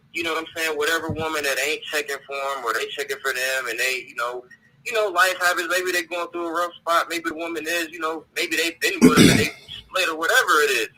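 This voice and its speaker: Phoning into a talk show, a man rants angrily and profanely, repeating words as he gropes for what to say. His mid-range voice sounds pushed and bright on a low-quality recording.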